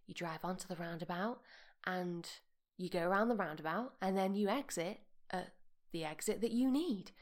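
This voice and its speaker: Brief: young woman, podcast host, playful chat, mid-pitched voice, soft meditative asides. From Britain. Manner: chatty, playful, slips into soft mock-meditation voice. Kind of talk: casual chat.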